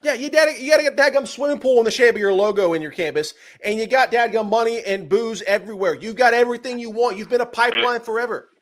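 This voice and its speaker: A man's voice: very high voice, fast, hardly any pauses, fairly bright tone. A young man, co-hosting a sports podcast and ranting heatedly, with mocking impressions. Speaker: podcast co-host.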